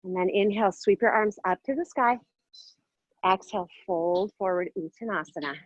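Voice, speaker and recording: A woman's voice: medium pitch, normal speed, no room sound, highs cut off. Playful, upbeat woman yoga teacher. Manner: upbeat, playful, encouraging cues. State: a little out of breath. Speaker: yoga instructor. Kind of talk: guided yoga class instruction.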